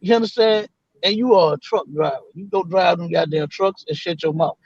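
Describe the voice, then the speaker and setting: High-voiced man telling a story. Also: fairly quick, creaky, breathy edge, no room sound, muffled recording. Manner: animated, quotes others in voices, swears freely. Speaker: guest. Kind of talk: casual storytelling.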